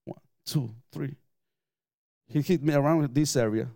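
A man's voice: fairly high pitch, a little slow, vocal fry, dark tone, no echo. A middle-aged man, preaching a sermon in an emphatic way and mixing in personal stories with light chuckles. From Mexico. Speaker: pastor.

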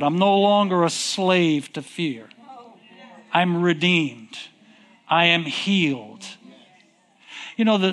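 A man preaching a sermon, reading scripture in King James wording and asking his congregation questions, with slow, drawn-out emphasis. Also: a little high, fairly bright tone. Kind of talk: sermon with call and response.

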